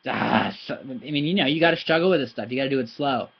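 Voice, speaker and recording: Man, native english speaker, language teacher, casual video lesson, animated, drawn-out syllable demos, mid pitch, slightly muffled audio. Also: husky. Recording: slightly dull lo-fi recording.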